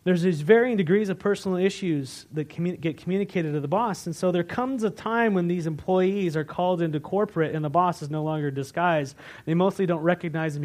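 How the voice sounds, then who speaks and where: A male pastor delivering a sermon with a fairly high-pitched voice. He tells stories in a loose, conversational way, full of restarts, dropping to near-whispers and then rising to loud, emotional bursts. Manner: conversational storytelling with many restarts, swinging from hushed to loud.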